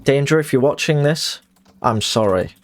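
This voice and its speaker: A man's voice: medium pitch, lively intonation, moderate pace. A man chatting casually on a live stream, rambling and self-mocking, swearing freely.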